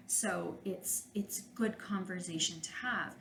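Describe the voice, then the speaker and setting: A woman's voice: fairly low pitch, normal speed, fairly bright tone, a little hiss or hum. Frank woman therapist in an echoey room. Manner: frank, direct coaching tone. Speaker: couples therapist and podcast host. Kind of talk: solo podcast advice monologue.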